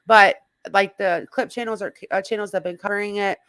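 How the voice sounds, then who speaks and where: A slightly hoarse woman hosting a casual livestream, rambling and greeting viewers in the chat by name. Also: medium pitch, steady tone, fairly quick, fairly bright tone, dry recording. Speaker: livestream host.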